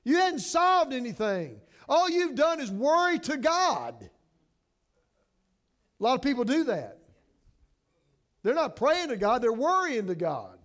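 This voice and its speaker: High-voiced, lively man preaching. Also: measured pace, pauses often. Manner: passionate preaching, swings from hushed to emphatic; repeats and restarts words. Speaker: pastor. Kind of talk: sermon.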